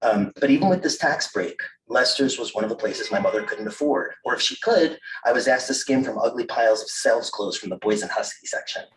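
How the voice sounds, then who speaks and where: A man reading his own memoir aloud at a live literary event, measured and wry, with self-amused asides. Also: medium pitch, background noise. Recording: roomy, distant mic at a live reading.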